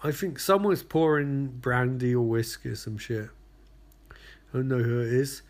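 A man's voice: mid-range voice, a little slow. A man recapping a TV show in sarcastic, profane commentary full of rambling asides.

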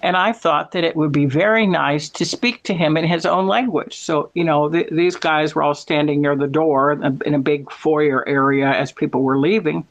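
A man's voice: on the high side, steady tone, normal speed, hardly any pauses. An American man chatting casually, telling rambling stories and correcting himself as he goes. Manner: rambling, storytelling, with self-corrections. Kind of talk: casual chat.

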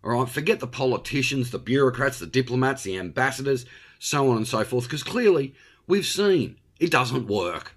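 Blunt Australian male host, opinionated monologue, very lively pitch. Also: moderate pace. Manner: blunt and ranting, with frequent tag questions.

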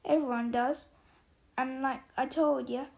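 A huge, hot-tempered male giant, gruff but kind at heart, read by a woman. He booms and growls, stretching words out slowly for emphasis, with a gravelly rasp under a fairly high pitch. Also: steady tone, darkish tone. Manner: booming, growling, drawn-out emphasis.

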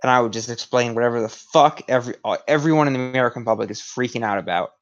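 A man's voice: mid-range voice, very fast. A man in a casual podcast chat who rants heatedly and swears constantly. His voice sits in a middling range. The audio is dull and lo-fi. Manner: profane, heated ranting. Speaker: podcast co-host.

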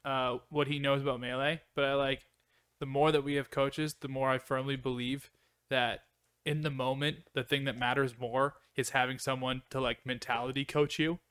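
A man's voice: mid-range voice, flat delivery, normal speed, fairly bright tone, smooth, no echo. A young man co-hosting a podcast, chatting casually and animatedly with frequent laughter. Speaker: podcast co-host. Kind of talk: casual chat.

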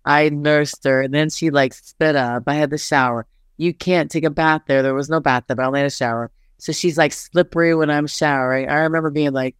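A middle-aged woman, a basketball head coach appearing as an interview guest, tells her story candidly in a smooth, clear, low-pitched voice at a fairly quick pace. She's animated, using "like" often and acting out quotes. The sound is close and dry, with no echo or room around it.

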